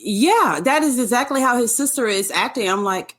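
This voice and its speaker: A woman's voice: on the high side, lively intonation, normal speed, a bit bright. A woman co-hosting a casual podcast, reacting bluntly and with exasperation to a reality show. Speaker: podcast co-host. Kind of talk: casual recap chat.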